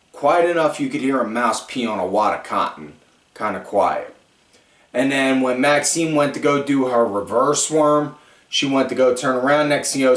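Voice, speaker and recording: A man hosting a podcast, rambling through a casual recap with lots of fillers and animated storytelling. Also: mid-range voice. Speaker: podcast host. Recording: echoey room, far from mic.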